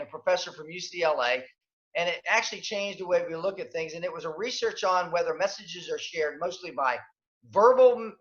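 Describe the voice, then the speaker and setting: A man's voice: high-pitched, a bit bright. A man presenting a communication workshop by webinar, speaking emphatically with fillers, restarts and repeated key points. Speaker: leadership coach and webinar presenter. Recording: dull lo-fi webinar audio.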